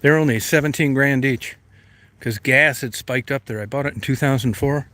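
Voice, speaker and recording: A man's voice: medium pitch, moderate pace, fairly bright tone. A middle-aged man chatting casually outdoors beside an old van, plain-spoken and folksy with the odd curse. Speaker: vlogger. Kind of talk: casual chat. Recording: noisy outdoor recording with engine sounds. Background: vehicle and engine noise.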